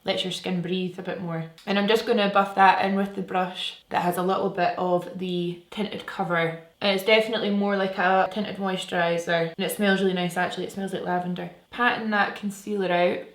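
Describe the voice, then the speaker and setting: A woman's voice: on the low side, level tone, a little fast, hardly any pauses. A woman chatting her way through a makeup tutorial, enthusiastic and casual as she works. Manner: chatty, enthusiastic, talks while working. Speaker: beauty vlogger. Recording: echoey room.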